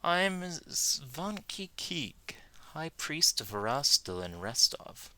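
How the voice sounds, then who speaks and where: A man voicing a humble middle-aged male high priest who speaks in a measured, earnest way. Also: big pitch swings, bright, forceful tone, no room sound, full character voice.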